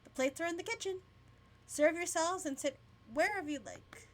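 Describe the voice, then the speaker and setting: A woman voicing a friendly young man hosting breakfast in a game, in her own high voice with a relaxed, slow read.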